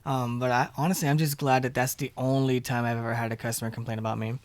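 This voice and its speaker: A man's voice: mid-range voice, flat delivery, fast, no room sound. A man co-hosting a podcast, telling a long restaurant story in casual chat and acting out the quoted dialogue. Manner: rambling storyteller, retells scenes with quoted dialogue. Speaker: podcast co-host.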